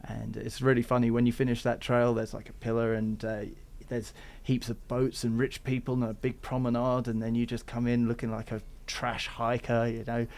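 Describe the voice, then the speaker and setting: A man from England, his accent mixed with Australian, talks in a relaxed, rambling way as an interview guest. His voice carries a gravelly rasp. His pitch stays fairly flat. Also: moderate pace, few pauses. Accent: English with some Australian. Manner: rambling, easygoing storytelling. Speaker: guest, thru-hiker. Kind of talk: casual interview chat.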